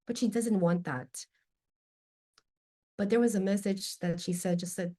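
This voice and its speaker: A woman guest on a podcast telling a personal anecdote in a lively, candid way, swearing casually and openly admitting when it moves her. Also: mid-range voice, unhurried, long pauses. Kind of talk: conversational storytelling.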